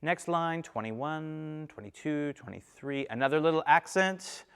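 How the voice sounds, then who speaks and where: A man's voice: fairly high pitch, animated, unhurried, fairly bright tone, clean tone, in a large hall, faint music behind. A man teaching a timpani lesson, explaining patiently, counting beats aloud and checking in with "okay?" as he demonstrates. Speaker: percussion teacher.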